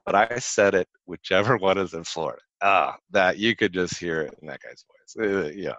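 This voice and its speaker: This guest has a deep voice and a moderate pace, heard in lo-fi sound without echo. Chatting casually, he tells lengthy stories about his career, animating the dialogue of others with jumps in his voice and frequent "likes."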